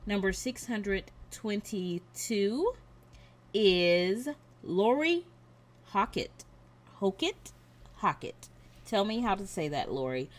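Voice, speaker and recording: Slow, careful craft vlogger woman. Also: medium pitch, animated. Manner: slow and deliberate, reading out names and numbers carefully. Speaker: craft channel host. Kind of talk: giveaway announcement to viewers.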